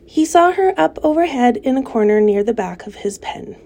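A woman reading a children's novel aloud in a gentle, measured storytelling way. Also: a little high, expressive, creaky. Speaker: audiobook reader.

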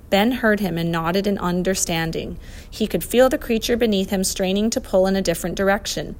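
A woman reading a children's adventure story aloud, expressive and lively. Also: mid-range voice, brisk. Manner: expressive, voices the characters. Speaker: narrator.

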